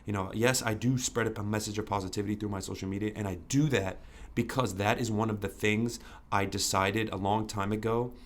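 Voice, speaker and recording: Earnest man with a low voice. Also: steady tone, fairly quick. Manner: earnest, repeats himself, frequent "you know"; swears casually. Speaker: podcast guest. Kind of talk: candid interview conversation.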